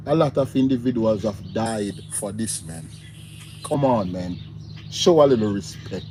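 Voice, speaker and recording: A man's voice: on the low side, expressive, unhurried, background noise. A man with a Jamaican accent hosting a casual livestream, greeting viewers by name and laughing easily. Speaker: livestream host. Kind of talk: casual live chat reading viewer comments.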